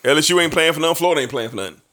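A man co-hosting a casual sports talk show, animated, with laughs and drawn-out exclamations. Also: a little high.

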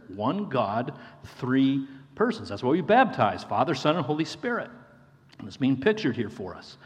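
A man preaching a sermon in an earnest way, often repeating a phrase for emphasis and calling his listeners friends. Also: medium pitch. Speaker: pastor. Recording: long hall reverb.

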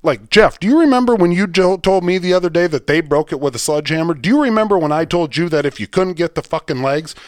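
A fired-up man with a slightly high voice rants through a story on his podcast, swearing freely. The sound is close and dry with no room around it, like a studio mic. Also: lively intonation, fast talker, hardly any pauses, no echo. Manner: ranting, profane, fired-up storytelling. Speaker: podcast co-host. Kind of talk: casual chat.

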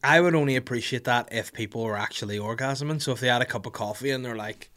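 Man, Northern Irish accent, thirties, podcast host, casual comedic rant, animated and jokey, mid-pitched voice. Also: quick pace. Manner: animated, jokey, acts out little scenes with voices.

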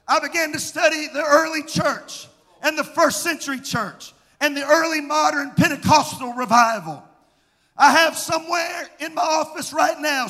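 A male pastor preaching a fast, fervent Pentecostal sermon, often shouting scripture. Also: very high voice. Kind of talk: Pentecostal camp-meeting sermon. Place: church hall. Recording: large hall with long reverb, faint crowd.

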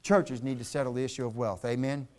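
A man's voice: mid-range voice, steady tone, quick pace, a little mellow. A middle-aged man from Virginia, preaching a revival sermon in an earnest storytelling way. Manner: earnest storytelling with bursts of laughter. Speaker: pastor.

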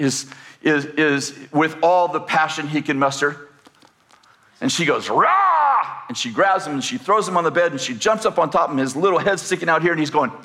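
An older male preacher with a somewhat high-pitched voice tells a homely story, full of "uh"s and false starts. He then lifts into firm, emphatic declarations from the pulpit. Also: fairly bright tone. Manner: folksy, rambling storyteller with many fillers and restarts. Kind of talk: sermon with personal storytelling.

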